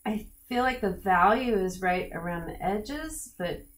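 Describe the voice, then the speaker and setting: A woman in her studio giving a live oil painting demonstration, talking in a relaxed, chatty way with many fillers. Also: medium pitch, a little slow. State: slightly cracky voice. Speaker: painting instructor.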